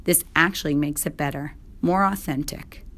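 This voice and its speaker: A woman voicing a calm, gentle father in a storybook reading, soft and low. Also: moderate pace.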